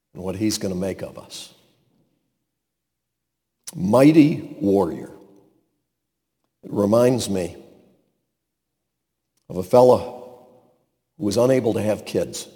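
A man preaching a sermon, swinging between booming emphasis and hushed asides and acting out the voices he quotes. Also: in a large hall.

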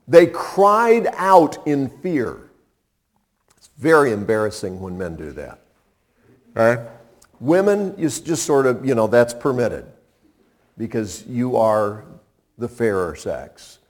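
Lively, unhurried male preacher. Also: mid-range voice. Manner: conversational and humorous, with dramatic pauses. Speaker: pastor. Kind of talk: sermon.

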